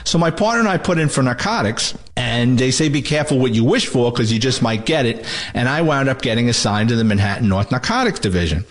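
A retired police detective from New York, an older man, telling a lively anecdote about his days on the job and acting out the voices of the people in it. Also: mid-range voice, fast talker, few pauses. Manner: animated storyteller acting out quotes. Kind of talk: spoken anecdote segment.

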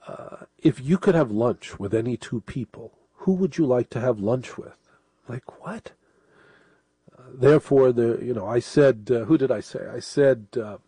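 Dark-voiced radio host with a cold. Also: male voice, medium pitch, husky, no echo. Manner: rambling, conversational, with restarts and asides. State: sniffling with a cold. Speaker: late-night radio host. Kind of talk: casual monologue to listeners.

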